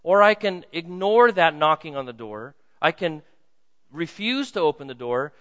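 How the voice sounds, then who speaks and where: Male pastor, sermon, pleading delivery, hushed then loud, muffled sound. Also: on the high side, expressive, moderate pace. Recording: muffled sound with long hall reverb.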